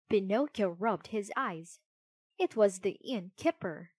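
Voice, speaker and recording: Slow, clear woman storybook reader. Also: medium pitch, animated, dry recording. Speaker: narrator. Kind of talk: storybook reading.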